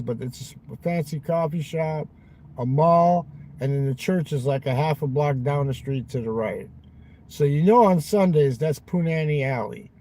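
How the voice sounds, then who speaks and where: A man's voice: on the high side, mellow, poor audio. A man live-streaming from his parked car at night, rambling crudely and swearing a lot.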